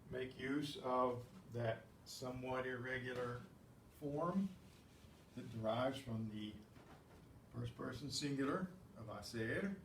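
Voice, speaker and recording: A man teaching a language class, patient and methodical with wry asides, often clearing his throat, on a lapel mic that picks up static. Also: medium pitch, echoey room, far from the mic. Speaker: Spanish teacher. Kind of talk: classroom lesson. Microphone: lapel mic that catches his badge.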